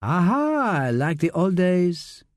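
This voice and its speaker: A man's voice: high-pitched, sing-song, slow pace, no echo, clean studio sound, pitched above the performer's own voice, exaggerated voice. A man voicing a delicate young French woman with a light French accent in an audiobook. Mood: amused. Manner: light, airy.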